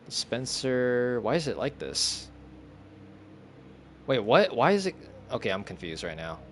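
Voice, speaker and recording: A young male streamer narrates his gameplay casually to himself, regularly confused and cursing under his breath. His voice sits at medium pitch with big swings, his pace is measured, and a little hiss or hum is audible.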